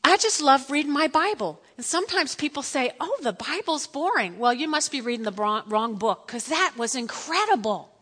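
A woman's voice: high voice, expressive, normal speed, few pauses, a bit bright, big-room sound. A woman teaching a Bible lesson in a chatty, playful way, with asides to her listeners.

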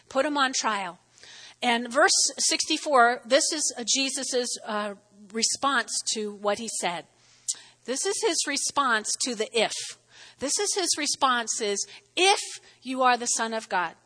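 A woman pastor giving a lively sermon in a church, playful and exclamatory with chatty asides. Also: high-pitched. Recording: long reverb of a large hall.

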